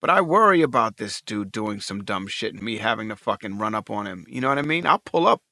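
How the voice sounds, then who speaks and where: A man's voice: on the low side, lively intonation, brisk, gravelly, bright, forceful tone, no room sound. A man in his forties co-hosting a casual podcast, talking animatedly, swearing freely and acting out what people said. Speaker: co-host.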